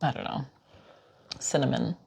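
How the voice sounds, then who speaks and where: A woman's voice: extremely low pitch, a little slow, vocal fry, darkish tone, slightly rough. A woman co-hosting a casual live-stream chat, giggly and rambling in an easygoing way. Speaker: co-host.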